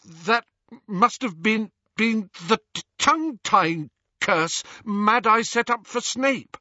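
A man's voice: high voice, expressive, slow, pushed and bright, no room sound, muffled recording, voice pushed up, heavily acted. A man voicing a frightened clever teenage girl who stammers and whispers in an audiobook. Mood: stammering fright.

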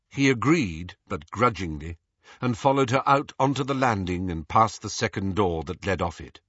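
A man narrating an audiobook with expressive, varied storytelling. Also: lowish voice, husky, no echo. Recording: dull lo-fi dry audio.

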